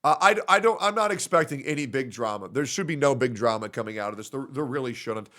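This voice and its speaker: A young man streaming and telling a story to his chat in a loud, animated way, laughing at his own jokes. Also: mid-range voice, fast.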